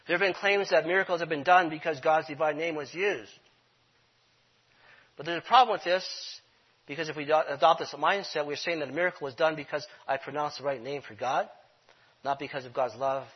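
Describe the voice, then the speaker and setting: A man's voice: on the high side, brisk, husky. A man leading his congregation in an earnest sermon, repeating key phrases for emphasis. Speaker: congregation leader. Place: congregation room. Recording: dull lo-fi sermon recording.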